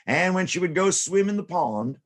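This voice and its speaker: A man's voice: high voice, lively intonation, normal speed. A man telling silly stories to children in a playful way, with sound effects and character voices. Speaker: children's storyteller. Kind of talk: storytelling for children.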